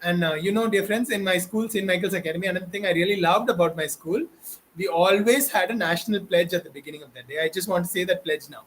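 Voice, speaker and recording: Indian-accented man, high voice, fervent exhorting lecturer, faint hiss underneath. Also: fast talker, fairly bright tone, poor audio. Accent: Indian English. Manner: preachy, exhorting, repetitive. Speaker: online educator. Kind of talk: impassioned direct-to-camera talk.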